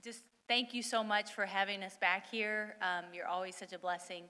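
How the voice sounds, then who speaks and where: A woman's voice: medium pitch, steady tone, moderate pace, bright, forceful tone, clear, resonant tone. A woman, a missionary's wife, giving an earnest, heartfelt personal testimony at a church service. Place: church sanctuary. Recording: reverberant church hall.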